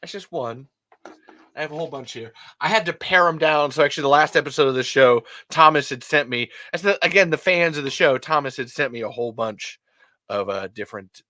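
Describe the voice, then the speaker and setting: A man hosting a podcast in casual chat, telling stories in an excitable, rambling way with stammered restarts and swearing. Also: a little high, brisk, no room sound. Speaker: podcast host.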